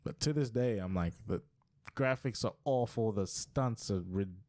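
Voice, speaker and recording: A young man originally from Africa co-hosting a podcast, telling stories in an animated, slangy way. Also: lowish voice, unhurried. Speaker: podcast co-host. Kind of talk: casual chat.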